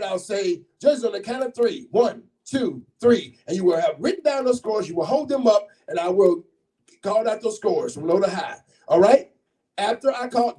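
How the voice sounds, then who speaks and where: High-voiced man hyping a crowd. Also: mellow, far from the mic, poor audio. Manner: hypes up the crowd, playful and chatty. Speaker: poetry slam host. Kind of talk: live event hosting. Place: bookshop event space, live audience. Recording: voice heard from off-mic.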